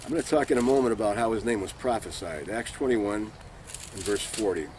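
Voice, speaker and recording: A man's voice: fairly low pitch, a little fast, a little mellow, slight background noise. A man giving an informal Bible teaching, speaking earnestly and emphatically and reading scripture passages aloud.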